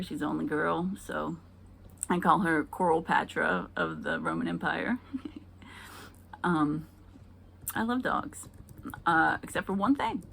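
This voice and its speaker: A woman's voice: lowish voice, vocal fry, a bit bright, a little hiss or hum. A woman performing a stand-up comedy set, talking in a hesitant way full of ums before landing dry punchlines. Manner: hesitant, filler-heavy delivery with dry punchlines.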